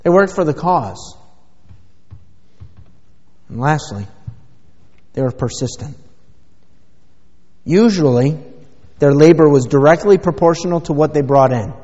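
A man's voice: a little high, expressive, unhurried, long pauses, darkish tone. A man pastor preaching a sermon, emphatic and driving his points home with rhetorical questions. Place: church sanctuary. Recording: dull lo-fi sound with long church reverb.

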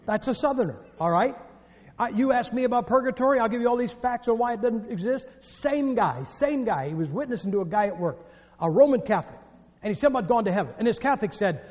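A man from the northern United States preaches fast in a high, slightly mellow voice with lively intonation. Joking and storytelling, he speaks emphatically, and the sound is dull lo-fi with hall echo.

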